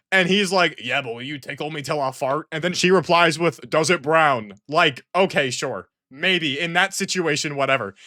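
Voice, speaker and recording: A man's voice: on the high side, pushed and bright, dry recording, clean studio sound. A man giving comedic reaction commentary in an exasperated, rambling way, often restarting sentences. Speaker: online commentator.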